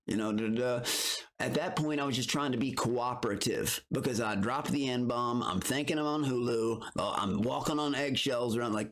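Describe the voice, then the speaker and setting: A man's voice: medium pitch, normal speed. Heated, rambling male streamer. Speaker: streamer reacting to recaps. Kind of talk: casual reaction commentary.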